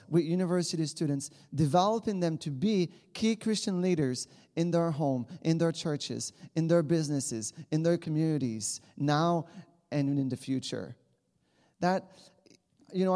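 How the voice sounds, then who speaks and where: A man's voice: on the high side, darkish tone, big-room sound. A man in his thirties from Quebec with a Quebec French accent, a native French speaker giving an earnest church talk as a campus missionary. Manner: earnest, with many restarts.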